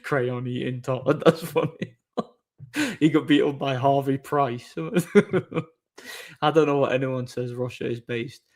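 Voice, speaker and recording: A man's voice: medium pitch, fairly even intonation, slow, darkish tone. A man chatting casually on a live stream, reading viewer messages aloud, rambling with repeated words and frequent laughter.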